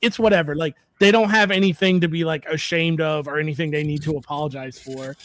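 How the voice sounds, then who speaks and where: Halting man in political chat. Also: fairly high pitch, steady tone. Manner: halting, heavy use of "like". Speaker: co-host.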